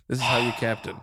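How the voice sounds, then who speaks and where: A man's voice: medium pitch, noisy background. A man running a tabletop game as game master, teasing the players and joking in character. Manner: teasing, jokey.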